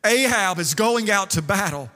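High bright-voiced preacher in a big hall. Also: male voice, moderate pace. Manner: lively storytelling with acted quotes. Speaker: pastor. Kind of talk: sermon. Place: church sanctuary. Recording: long hall reverb.

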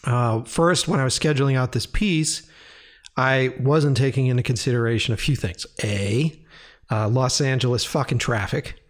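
A man talking casually and animatedly about video editing, swearing freely and acting out his own excited reactions. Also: medium pitch, normal speed. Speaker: video editor and director. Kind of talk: casual rambling monologue.

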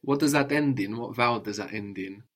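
A man's voice: on the low side, brisk, fairly bright tone. Patient male language tutor. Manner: patient, drills with prompts and tag questions. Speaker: language teacher. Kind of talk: one-on-one language lesson.

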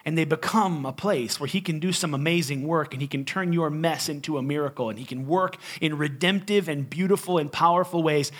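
Animated preacher man, higher voice. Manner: animated, conversational, with jokes and emphatic swings. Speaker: pastor. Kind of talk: storytelling sermon.

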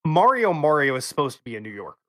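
Casual male podcast host, halting. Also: a little high, very animated, a bit bright. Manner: hesitant, lots of ums, teasing. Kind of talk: casual gaming news chat.

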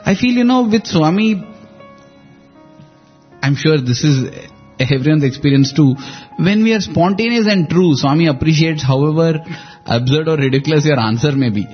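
A man's voice: on the high side, expressive, moderate pace. A man, co-hosting a devotional radio talk and recalling stories in a reflective storytelling manner with frequent laughs. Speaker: radio show co-host. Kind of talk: conversational devotional reminiscence. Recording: dull lo-fi with faint music.

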